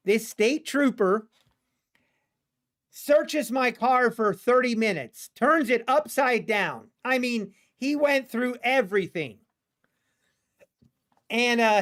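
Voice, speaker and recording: A man hosting a live trading stream, telling a rambling personal anecdote in a casual, animated way with frequent restarts. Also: extremely high pitch, slow. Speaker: livestream day-trading host.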